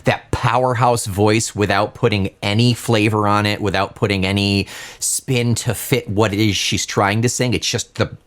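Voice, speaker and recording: Low-voiced man reflecting on music. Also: steady tone, normal speed, hardly any pauses, fairly bright tone. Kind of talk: casual music discussion.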